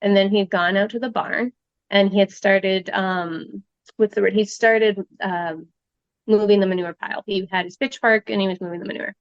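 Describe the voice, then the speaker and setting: A woman's voice: mid-range voice, fairly even intonation, normal speed, smooth, dry recording, highs cut off. A Canadian woman casually retelling a true-crime story, acting out the quotes with lots of fillers. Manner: chatty, acts out quotes, many fillers. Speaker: storyteller guest.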